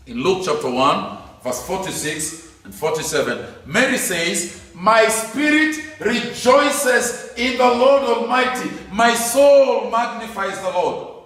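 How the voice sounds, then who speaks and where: A man, pitched a little higher than most men, teaching scripture emphatically and peppering his lecture with rhetorical questions. His voice rings through a very reverberant room, picked up from some way off the mic. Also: fairly bright tone. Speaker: Bible teacher. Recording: very echoey room, mic at a distance.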